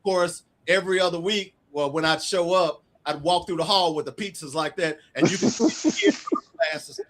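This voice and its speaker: There's a little hiss or hum as a middle-aged author guest, his voice on the high side, tells stories at a moderate pace. Casual and animated, he voices the quoted dialogue himself.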